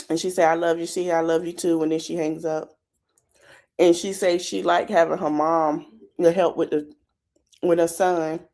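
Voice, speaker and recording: A woman's voice: on the low side, a little mellow. Chatty woman podcaster recapping a show. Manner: chatty, talks straight to her listeners. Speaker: podcast host. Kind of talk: casual reality-show recap.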